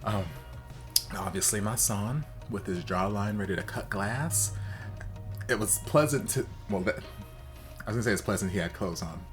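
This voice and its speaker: A man hosting a reaction video in casual, campy commentary, leaping into high exaggerated exclamations. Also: moderate pace, faint music behind.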